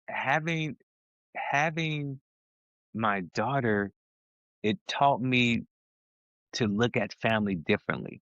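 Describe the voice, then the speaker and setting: A man's voice: fairly low pitch, fairly bright tone, no echo. A man co-hosting a podcast in casual conversation, talking emphatically and often restarting his sentences as he gets heated. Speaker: podcast co-host. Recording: dull, lo-fi and dry.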